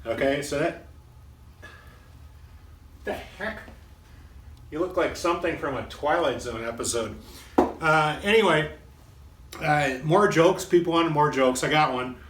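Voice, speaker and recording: A man's voice: fairly high pitch, normal speed, a bit bright, a little hiss or hum. A man hosting a casual pub chat, telling jokes in a rambling, folksy, self-deprecating way. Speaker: host. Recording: echoey room with faint guitar.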